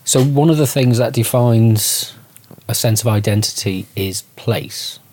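A man's voice: mid-range voice, a little slow, darkish tone. A man from Liverpool interviewing, asking thoughtful, probing questions with some hesitation. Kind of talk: conversational interview.

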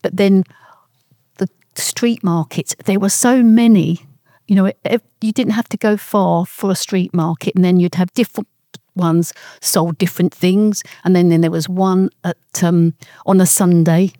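An older woman recalling her East End childhood in a rambling, halting way. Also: lowish voice, steady tone, warm tone, no room sound, studio quality. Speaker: interviewee. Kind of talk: oral history reminiscence.

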